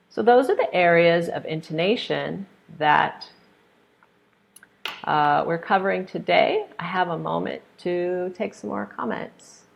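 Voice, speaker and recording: An American woman leads a live online pronunciation class over a computer microphone. Her voice sits low for a woman and carries a gravelly edge. She explains patiently with examples and reads out viewers' questions in a friendly tone. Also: measured pace, lo-fi sound. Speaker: English pronunciation teacher. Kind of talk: live online webinar lesson.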